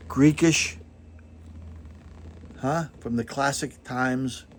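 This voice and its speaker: A man's voice: mid-range voice, very slow, slight background noise. An older man hosting a vinyl record channel, chatting casually to camera in a rambling, self-deprecating way, full of digressions and fillers.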